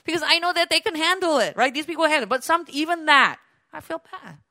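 Woman preacher, high and bright, casual animated sermon style with playful acted-out quotes. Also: quick pace, no echo, clean studio sound. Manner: animated, acts out quoted voices, laughs often. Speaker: pastor.

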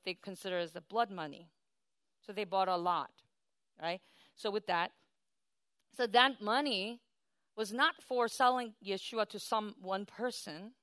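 A woman preaching a sermon, emphatic, swinging from soft asides to loud declarations and leading her congregation in call-and-response. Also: fairly high pitch, clean tone, dry recording.

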